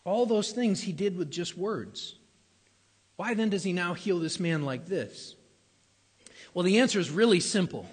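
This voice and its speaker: A man's voice: fairly high pitch, slightly rough. A man preaching a sermon as a pastor, conversational and emphatic, repeating key phrases and sometimes stumbling over his words. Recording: long hall reverb.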